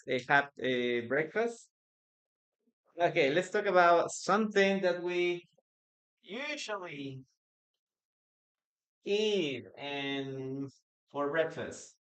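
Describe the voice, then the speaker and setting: A male English teacher from Peru leads a live online class, repeating each word with patient care. He speaks at a slow, deliberate pace. His voice comes through smooth and resonant. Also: a little high, highs cut off. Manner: slow, patient, repeats words for pronunciation drills.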